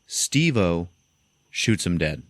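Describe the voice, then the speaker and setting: Very animated but slow, a young podcaster with a deep voice recaps a film one scene after another, telling it loosely and leaping into high voices for the characters. His audio is close and dry, with no echo.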